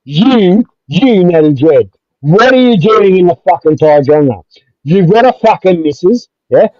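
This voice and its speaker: This livestream host has a high, expressive voice with a darkish tone and a measured pace. He goes on a heated, aggressive, profane rant, swearing repeatedly, captured in dull, dry lo-fi audio with no room sound.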